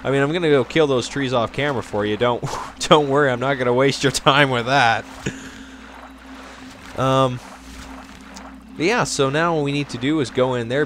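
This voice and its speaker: A man's voice: mid-range voice, a bit bright, slight background noise. A man hosting a let's play, giving jokey, rambling gameplay commentary. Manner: jokey, rambling, self-mocking.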